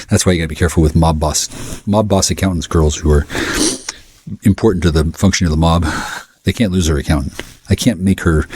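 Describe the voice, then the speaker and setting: Very deep husky man ranting. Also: warm tone. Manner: angry, scattered, cursing. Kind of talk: rambling profane rant to camera.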